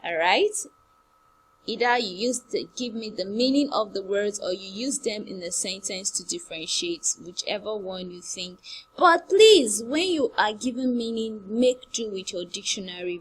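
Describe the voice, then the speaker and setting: A woman teacher giving an online class, repeating and stressing words slowly for her pupils. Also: mid-range voice, slightly rough, rough recording.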